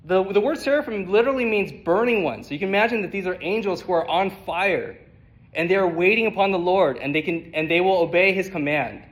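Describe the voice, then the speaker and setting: A male preacher giving an expository sermon, speaking in a measured, emphatic way and sometimes repeating words as he thinks. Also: high-pitched, expressive, rough recording.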